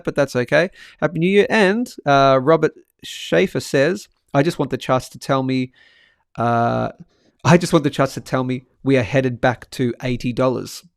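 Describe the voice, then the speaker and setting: A man hosting a live market stream in a casual, upbeat way, reading out viewers' chat messages with quick asides. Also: mid-range voice, no room sound, studio quality.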